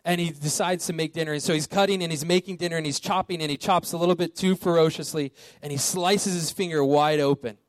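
A man delivers a sermon in a casual, talking-to-friends way, peppering it with rhetorical questions. His voice sits a bit high for a man. The sound is dry and close, with no room echo. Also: fairly even intonation, quick pace, hardly any pauses. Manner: conversational preaching with rhetorical questions. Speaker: pastor.

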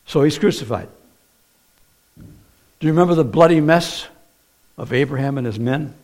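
A man's voice: a little high, moderate pace, darkish tone. A man preaching a sermon in a conversational way, often asking the congregation questions.

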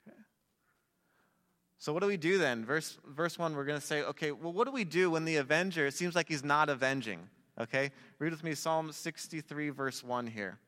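A man preaching a sermon in a relaxed, conversational way, with jokey asides to a young audience. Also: on the high side, moderate pace. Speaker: pastor. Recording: long hall reverb.

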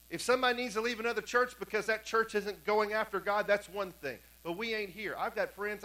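A pastor delivers a sermon from the pulpit of a church sanctuary in a high, notably bright voice. He tells long stories, dropping to near-whispers for quiet moments and rising again to emphatically drive home repeated points. The recording is low quality.

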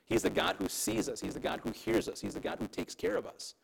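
Male pastor, conversational sermon delivery, high and animated, very gravelly. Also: a little fast, poor audio. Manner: conversational preaching, keeps asking "right?".

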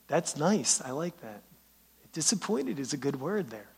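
Husky high-voiced male preacher. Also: very animated, a little slow. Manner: conversational preaching with frequent "right?" tag questions; repeats words when starting sentences. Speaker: pastor. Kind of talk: sermon.

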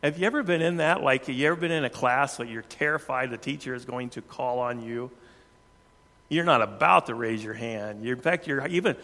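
Earnest preacher in an echoing hall. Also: male voice, medium pitch, a little fast. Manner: earnest, varies pace and loudness for emphasis. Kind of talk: sermon. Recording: long hall reverb.

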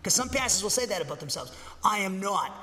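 A man's voice: high voice, sing-song, fast, pushed and bright, in a large hall. A man preaching a sermon as a pastor, with an emphatic, rambling way of talking and frequent self-corrections.

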